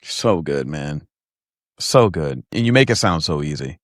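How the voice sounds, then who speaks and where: A man hosting a podcast interview in a relaxed conversational way, often affirming his guest. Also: a bass voice, unhurried, no echo, clean studio sound. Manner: affirming, conversational, frequent "mm" and "yeah". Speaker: podcast host. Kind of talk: casual interview chat.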